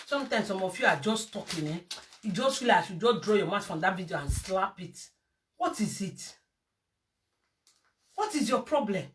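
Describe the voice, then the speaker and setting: Recorded at a distance with a little hiss or hum, a Nigerian woman vlogger goes on a furious scolding monologue. Her medium-pitched voice is very animated, moving at a moderate pace with long pauses, and she slips Pidgin and Yoruba into her words.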